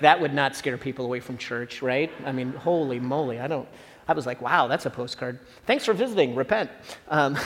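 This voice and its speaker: A middle-aged male pastor preaches in a high, lively voice that rises and falls a lot. He talks to his congregation in a casual, conversational way with asides. The recording carries a long hall reverb. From Southern Illinois. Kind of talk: sermon.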